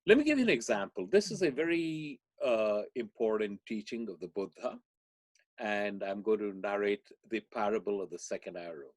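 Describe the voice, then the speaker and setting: A man being interviewed on a podcast, explaining ideas through animated storytelling. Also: lowish voice, moderate pace, no room sound. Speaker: guest speaker.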